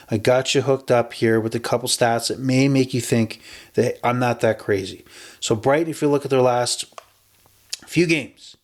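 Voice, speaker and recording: Chatty man rambling through betting picks. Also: medium pitch. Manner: chatty and rambling, with self-corrections. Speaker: podcast host. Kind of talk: casual sports betting picks.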